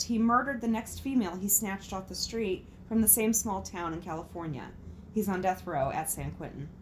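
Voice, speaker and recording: A woman reads listener stories aloud in a casual, expressive way, swearing freely and reacting as she goes. Her pitch sits in an ordinary middle range. A faint hum of room ambience runs behind her voice. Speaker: host reading out listener stories. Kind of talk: casual reading and chat.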